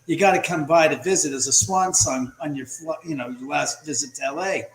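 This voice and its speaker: A man on a home video call, telling a ghost story in a casual, animated way and acting out the lines of the people in it. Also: a little high, brisk, roomy sound, rough recording. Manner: storytelling, animated, acts out quotes. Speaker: guest, house owner and author. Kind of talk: casual livestream chat.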